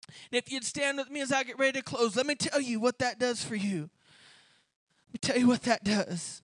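A woman preaching an impassioned sermon, swinging from hushed pleading to shouted declarations and repeated appeals. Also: a little high, normal speed, dry recording.

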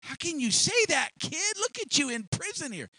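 A man's voice: mid-range voice, big pitch swings, normal speed, no echo, pitched below the performer's own voice, poor audio. A man voicing a skeptical male fellow prisoner who asks prodding, scornful questions. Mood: needling.

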